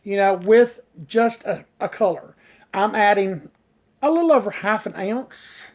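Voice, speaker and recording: Speaking a little slowly in a high-pitched voice, a male hairstylist chats with his live-stream audience and responds to their comments. His delivery is enthusiastic and rambling, full of "you know" fillers, and he stumbles over tricky words.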